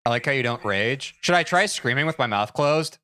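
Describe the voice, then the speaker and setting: A man's voice: medium pitch, animated, a little fast, pushed and bright. A young man livestreaming a game, chatting casually with viewers, self-mocking and swearing freely. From United States. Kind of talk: casual chat with viewers while gaming.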